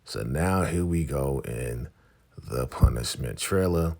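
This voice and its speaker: A man hosting a casual TV episode recap, retelling scenes in an animated, chatty way. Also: extremely low pitch, slow. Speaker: TV recap host.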